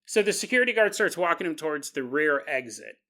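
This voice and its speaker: Speaking fast in a bright, fairly high voice, a podcast host tells a paranormal story with animated energy. He keeps it casual, laughing as he goes and slipping in conversational asides to the audience.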